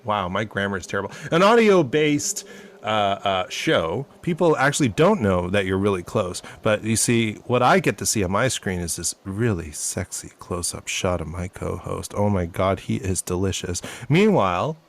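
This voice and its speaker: A man in his thirties with a fairly low voice, talking fast and with excitable energy. He chats casually as a podcast co-host, heard over a video call from home.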